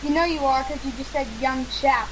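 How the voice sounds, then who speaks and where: A woman's voice: high voice, steady tone, fairly quick, crowd noise, rough recording. A woman chatting playfully as a fellow player on a game stream. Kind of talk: casual gaming chat.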